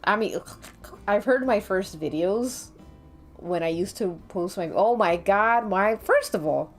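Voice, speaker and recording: A woman's voice: medium pitch, a little slow. A woman with a light Latina accent, chatting casually with her stream chat in a playful, talkative way. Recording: faint background music.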